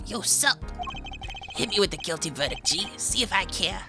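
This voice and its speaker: Lady doing a brash young wannabe gangster guy, loud slangy swagger, game music under it. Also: medium pitch, expressive, moderate pace, natural voice.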